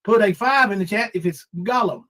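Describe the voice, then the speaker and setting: A man in his forties hosts a loose, rambling livestream chat with a slightly high voice. He drifts between his own news and greeting viewers from the chat, sometimes hamming up mock crying. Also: brisk, a bit bright, poor audio. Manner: rambling, reads chat names aloud, mock crying bits. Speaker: livestream host.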